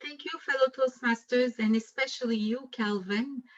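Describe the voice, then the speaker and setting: A woman with a fairly high voice gives a speech evaluation over a muffled, lo-fi video call. She speaks hesitantly, filling her pauses with ums and restarting her sentences, while staying warm toward the speaker. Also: fairly even intonation. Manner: hesitant, with many fillers and restarts. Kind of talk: online club speech evaluation.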